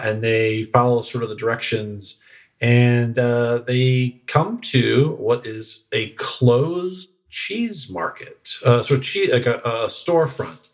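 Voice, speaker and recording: A man running a tabletop game as game master, describing scenes in a rambling way full of fillers. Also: medium pitch. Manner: rambling, searches for words with many fillers.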